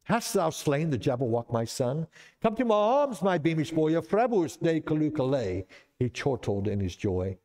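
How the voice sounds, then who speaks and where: A man reciting a nonsense poem in a put-on Scottish accent, theatrically, climbing high and loud at the climaxes. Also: very animated, normal speed. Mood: dramatic recitation. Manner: theatrical recitation, rising to near shouting at climaxes.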